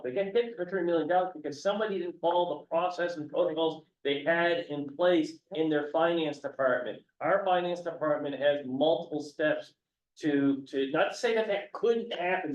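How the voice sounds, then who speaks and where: A man's voice: on the high side, darkish tone. A man serving as county commissioner at a public meeting, rambling with restarts and reading statute text aloud. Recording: echoey, dull, distant room recording with faint hum.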